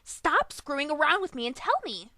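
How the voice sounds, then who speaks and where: A brash young griffin girl who yells and accuses in slangy bursts, as a woman reader puts her on. Her voice jumps high and swings wildly in pitch, loud and up close in a dry, dead recording. It fits a fan audiobook reading. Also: expressive, moderate pace, dry recording. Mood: furious. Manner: shouting, confrontational, slangy.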